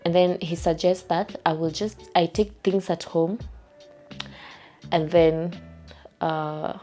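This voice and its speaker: A woman's voice: on the low side, fairly even intonation, slow pace, mellow, faint music behind. A young woman with a Kenyan accent, telling a storytime vlog from her home in a chatty, repetitive way. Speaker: vlogger. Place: her home while packing to move.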